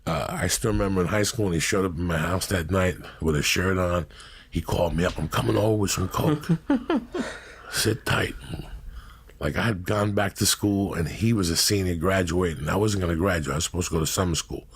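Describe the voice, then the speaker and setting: A middle-aged man telling crude, profane stories in a brash, animated way on a talk show. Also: low-pitched, fairly quick, husky. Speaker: storyteller guest. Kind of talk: profane casual storytelling.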